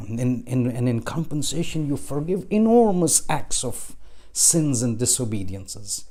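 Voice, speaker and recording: A man giving a sermon in a mosque, telling a story and taking on the voices of its people, slowing down to recite prayers. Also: mid-range voice, a little mellow. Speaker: preacher.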